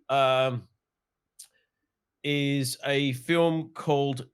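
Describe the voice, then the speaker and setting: A man's voice: mid-range voice, normal speed, a bit bright. A man co-hosting a horror film podcast in casual chat, enthusiastic and swearing freely. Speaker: podcast co-host.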